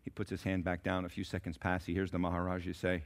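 A man preaching a sermon in a church, telling a story dramatically and swinging from hushed to loud. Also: low-pitched, level tone, a little fast, few pauses. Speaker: pastor. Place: church sanctuary.

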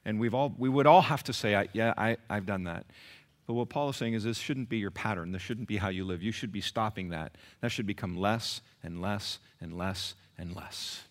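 A man preaching a sermon as pastor, emphatic and animated, with many rhetorical questions. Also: fairly low pitch, a little fast, few pauses.

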